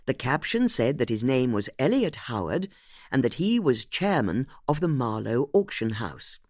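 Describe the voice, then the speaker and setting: An audiobook narrator reading a mystery in an expressive way. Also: mid-range voice, moderate pace, dry recording, clean studio sound.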